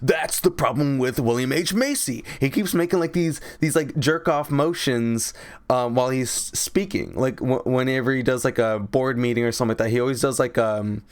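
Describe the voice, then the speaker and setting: A man's voice: medium pitch, normal speed, close to an everyday voice. Man putting on a blunt, pushy charming impostor. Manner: raised, blunt and crude.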